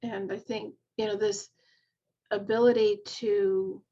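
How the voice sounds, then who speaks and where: A woman's voice: mid-range voice, flat delivery, takes it slowly, dark tone, highs cut off. A middle-aged woman, a nurse coach, speaking in an earnest, heartfelt way and retelling stories of her patients in a reflective conversation. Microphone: video call.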